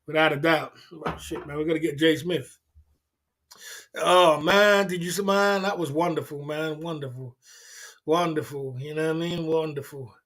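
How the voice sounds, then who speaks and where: Hyped tipsy man, high voice. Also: breathy edge. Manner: hyped, repeats catchphrases, laughs often. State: tipsy from drinking. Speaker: livestream host. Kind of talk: late-night livestream chat.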